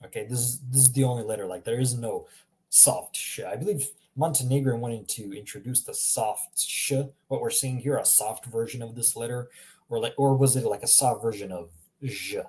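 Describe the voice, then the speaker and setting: A man giving a casual live language lesson, chatty and relaxed, reacting to viewers' examples and laughing now and then. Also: mid-range voice, brisk. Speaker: language teacher.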